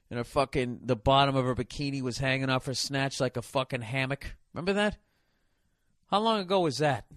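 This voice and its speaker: A man's voice: medium pitch, a bit bright, no echo, studio quality. A man hosting a podcast, delivering a sarcastic, profane comedic rant. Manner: swears constantly, sarcastic and ranting. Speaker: podcast host.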